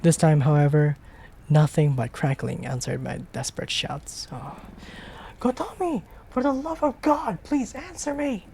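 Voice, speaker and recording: A streamer acting out a frantic young woman caught in a blaze, stammering through the game's text and leaping from strained shouts to breathy whispers. The pitch stays mid-range at rest, and a soft hiss of faint noise runs underneath. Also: little pitch movement, moderate pace, natural voice. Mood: desperate. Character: panicked young woman trapped in a burning building. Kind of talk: dramatic reading of game text.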